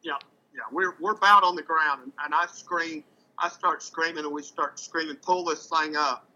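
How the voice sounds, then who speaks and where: A man with a very bright, ringing voice tells a story in loose, casual talk. He is animated, trips over repeated words, and sometimes jumps his voice up to act out what people said. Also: fairly high pitch, moderate pace, lo-fi sound.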